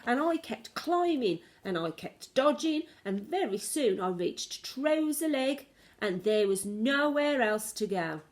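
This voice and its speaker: A woman teacher reading a children's storybook aloud in an expressive way. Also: a little high, slow pace.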